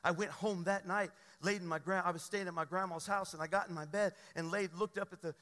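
High, bright-voiced preacher in a reverberant hall. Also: male voice, fairly even intonation, fairly quick. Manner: earnest, emphatic storytelling. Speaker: pastor. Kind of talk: sermon with personal testimony.

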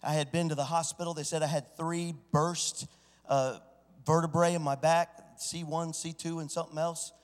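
A man preaching a sermon, swinging from hushed storytelling to loud, shouted exclamations. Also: on the high side, little pitch movement, normal speed. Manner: preaching with sudden swells into shouting. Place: church. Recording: church sanctuary with long reverb.

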